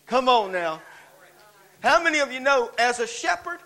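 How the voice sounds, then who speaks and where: A man's voice: extremely high pitch, sing-song, normal speed, sharp tone, rough recording. A man preaching as a guest in a church, driving his points with repeated rhetorical questions and calls of "come on". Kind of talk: sermon.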